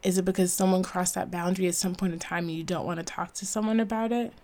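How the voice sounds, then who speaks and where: A woman's voice: lowish voice, fairly even intonation, quick pace, a little mellow. A woman hosting a solo podcast who gives an earnest, emphatic motivational talk and laughs at herself now and then. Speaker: podcast host.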